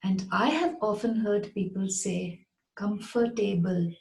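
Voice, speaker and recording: Slow, patient woman teaching pronunciation. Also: medium pitch, mellow, roomy sound, rough recording. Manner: patient, repeats words slowly and clearly. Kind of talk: slow, deliberate pronunciation lesson.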